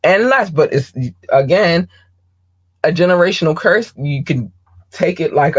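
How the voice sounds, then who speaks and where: A woman hosting a podcast, talking bluntly and candidly in a casual monologue, swearing freely and often pausing with ums. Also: lowish voice, animated. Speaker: podcast host.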